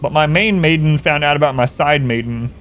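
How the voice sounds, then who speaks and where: A man's voice: on the high side, fairly quick, a bit bright, a little hiss or hum. A man chatting casually on a game stream, rambling through a story and answering chat.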